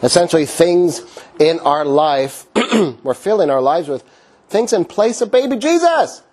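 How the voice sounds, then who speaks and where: A middle-aged man with a slightly high voice preaches in a relaxed, conversational way. He drifts into everyday stories and talks to the room like friends. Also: measured pace. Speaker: pastor. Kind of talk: sermon.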